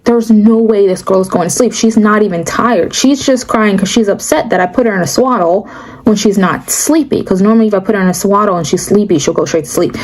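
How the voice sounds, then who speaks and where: A woman's voice: mid-range voice, darkish tone, rough recording. Chatty young woman sharing a testimony. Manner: chatty, storytelling, quick asides with many "like"s. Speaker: faith vlogger. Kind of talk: casual testimony.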